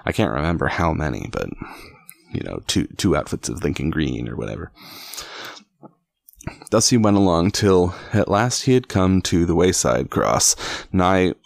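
A man reading a storybook aloud, halting over words and breaking off for wry asides. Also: low-pitched, sing-song, creaky, dry recording. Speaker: reader.

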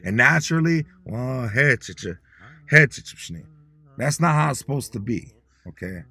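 A man hosting a podcast, teaching Dakota words in a casual, motivational way. He talks bluntly and in slang, and repeats words slowly for listeners to say along. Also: medium pitch, lively intonation, vocal fry, pushed and bright, husky.

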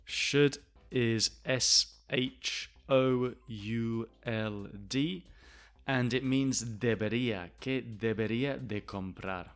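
A male English teacher explaining pronunciation, slow and deliberate, repeating phrases to demonstrate them. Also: medium pitch, fairly bright tone. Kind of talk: language lesson explanation.

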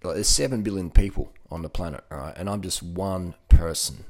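A man's voice: sits low, moderate pace, hardly any pauses, a little mellow. A man with an Australian accent talking casually and motivationally, often repeating words and laughing. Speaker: vegan cycling advocate.

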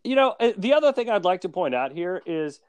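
A man's voice: high voice, fairly quick, clean tone, no room sound. A man co-hosting a casual podcast chat, recapping a cartoon episode and joking and laughing often. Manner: jokey, laughs often, animated. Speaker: podcast co-host.

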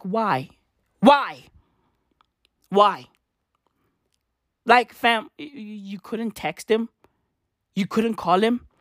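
In South Africa, a male vlogger delivers a comedic, profane rant packed with slang and repeated rhetorical questions. His voice is high and a bit bright, recorded cleanly in a studio with no echo.

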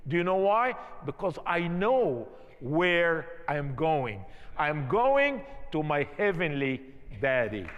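A man from Egypt with an Egyptian accent preaches a testimony, speaking emphatically in imperfect English. His voice sits high and his delivery is slow and deliberate. The sound carries the long reverb of a church hall. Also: sing-song, lo-fi sound. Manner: emphatic storytelling, non-native grammar. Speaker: pastor. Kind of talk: sermon testimony.

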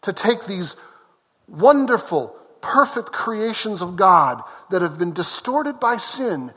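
A man's voice: high-pitched, sing-song, slow, a bit bright. A man preaching a sermon as pastor, emphatic, repeating key phrases and turning to chat with the congregation. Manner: conversational asides to the congregation. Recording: long reverb of a large hall.

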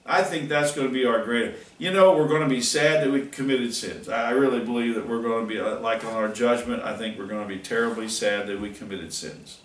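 A man's voice: mid-range voice, fairly quick, few pauses, a bit bright. A middle-aged man teaching a catechism class, telling a folksy, earnest story. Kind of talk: catechism class talk with personal anecdote. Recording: roomy, mic far off.

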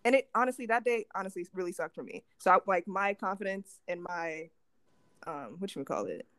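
Animated young woman telling a story. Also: fairly low pitch, a little fast, no echo. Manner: animated storytelling with lots of acted-out quotes. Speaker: podcast co-host. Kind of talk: casual podcast chat.

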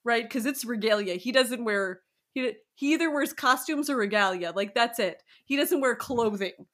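Bright-voiced woman podcast co-host. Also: a little high, normal speed. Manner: chatty, laughing, playful asides. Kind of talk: casual podcast chat.

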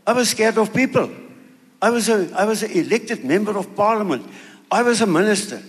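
An older man with a South African accent giving an earnest, halting personal testimony as a sermon, often repeating words. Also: high voice, animated. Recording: long reverb of a hall.

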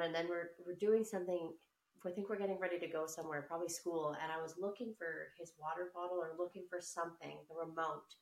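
A woman telling a story in a casual chat, animated, swearing often and laughing as she talks. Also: on the low side. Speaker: podcast co-host. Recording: roomy, a bit distant from the mic.

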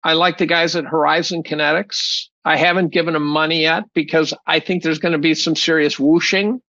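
A gravelly man with a slightly high voice talks through an interview bluntly, swearing and restarting his sentences as he goes. The sound is dull and dry. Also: steady tone, a little fast, bright, forceful tone, no room sound. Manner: blunt, profane, rambling with many restarts. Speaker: guest, chemistry professor. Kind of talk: casual interview talk.

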